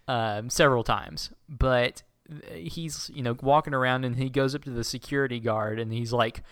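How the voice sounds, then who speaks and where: A man's voice: medium pitch, moderate pace, few pauses, fairly bright tone, clean tone, no room sound. Dry-miked man retelling with laughs. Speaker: podcast co-host. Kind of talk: casual chat.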